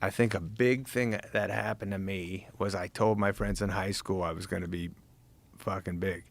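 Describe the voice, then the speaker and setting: A man, a comedian, telling profane, animated stories in casual podcast chat and acting out old conversations. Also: low voice, moderate pace, creaky. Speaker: comedian guest.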